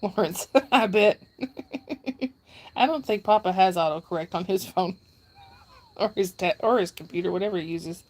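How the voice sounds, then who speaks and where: A woman's voice: on the low side, normal speed, pauses often. A middle-aged woman hosts a live stream in a casual chat. She reads out viewer comments, thanks people by name, and laughs often.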